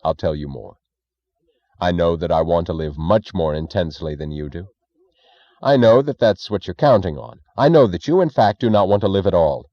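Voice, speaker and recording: A man reading an audiobook, voicing a calm, defiant male captive who speaks in a cool, measured, incisive way. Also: sits low, highs cut off. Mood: intense.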